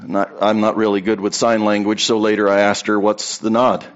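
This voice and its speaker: A man's voice: on the low side, level tone, moderate pace, dull audio. A man preaching a sermon to a congregation in a conversational way, telling anecdotes and repeating key points for emphasis. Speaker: pastor.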